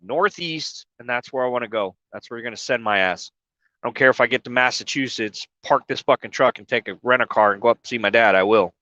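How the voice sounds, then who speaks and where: Talking quickly in a sharp, mid-range voice, a trucker live-streams casually from his cab while crying, sniffling, swearing and apologizing. The recording has no room sound and is muffled.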